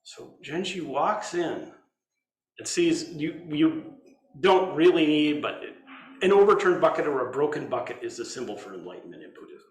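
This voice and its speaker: A man teaching as a Zen teacher, giving an informal dharma talk in a conversational way, thinking aloud with pauses and restarts. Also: fairly high pitch, lively intonation, echoey room.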